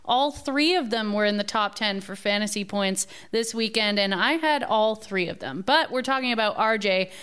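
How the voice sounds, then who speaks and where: A woman's voice: medium pitch, moderate pace, hardly any pauses, a bit bright, smooth. A woman hosting a fantasy football panel, steering the casual chat with questions. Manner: upbeat, steers the talk with questions.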